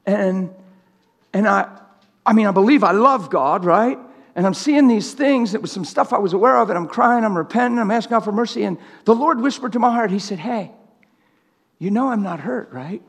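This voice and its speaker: A man preaching a sermon in a church, impassioned, swinging from loud urgent stretches to hushed, quiet ones. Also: high voice, a little fast, vocal fry. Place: church sanctuary.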